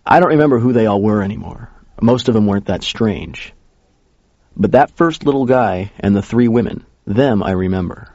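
Man, first-person story reading, casual conversational telling, low voice, dull lo-fi dry sound. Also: animated, normal speed, darkish tone, dry recording. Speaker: narrator. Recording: dull lo-fi recording.

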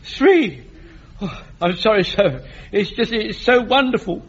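A high, quavering old butcher. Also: male voice, very animated, a little slow. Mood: overjoyed. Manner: eager, gushing, sentimental. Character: excitable old male butcher, loyal lance corporal. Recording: dull lo-fi radio recording with hiss.

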